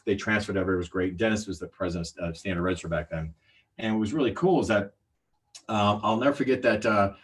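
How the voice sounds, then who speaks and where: A middle-aged man, a sales trainer, telling a story on a livestream in an animated way and acting out the voices of the people in it. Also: on the low side. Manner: animated, acts out quoted voices.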